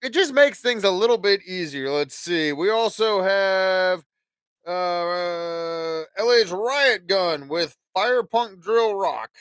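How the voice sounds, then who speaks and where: A man's voice: sits high, animated, slow, fairly bright tone, smooth, dry recording. A man hosting a casual podcast livestream, rambling and swearing freely as he acts out conversations. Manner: profane, rambling, acts out dialogue. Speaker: podcast host.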